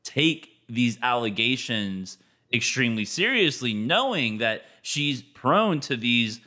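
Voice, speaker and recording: Podcast guy cracking dry jokes, bright edgy voice, loose chatty talk. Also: medium pitch, big pitch swings, takes it slowly. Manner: joking, wry asides. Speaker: podcast co-host. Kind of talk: casual chat.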